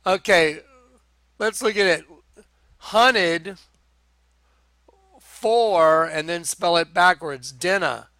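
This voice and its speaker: A man preaching an online show-and-tell monologue, talking slowly and emphatically, repeating phrases and calling his viewers folks. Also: a little high, bright, forceful tone, no room sound. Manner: repetitive, insistent, addresses viewers as folks.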